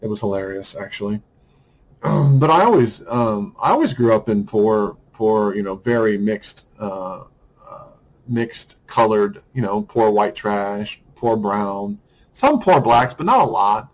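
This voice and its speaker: A man's voice: fairly low pitch, lively intonation, slow, rough recording. A man talking through a casual podcast monologue, rambling, with many restarts and fillers.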